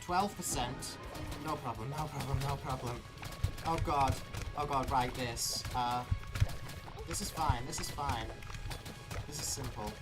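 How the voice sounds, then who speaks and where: A man streaming live gameplay, talking himself through it in an excitable, nervous way. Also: mid-range voice, measured pace, long pauses. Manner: excitable, nervous self-talk. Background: game music.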